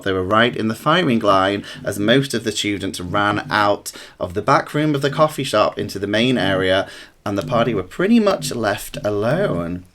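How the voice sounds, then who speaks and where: Rambling man running a tabletop game. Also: on the low side. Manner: relaxed, rambling, many ums. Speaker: dungeon master.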